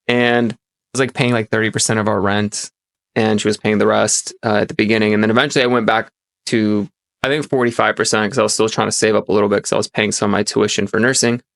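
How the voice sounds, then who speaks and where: A man's voice: lowish voice, level tone, fast talker, creaky, a bit bright, no echo. Earnest rambling young man, dry sound. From immigrant childhood, grew up in America. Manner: earnest, rambling, many restarts and "like". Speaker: self-help podcast host. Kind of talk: personal storytelling and advice.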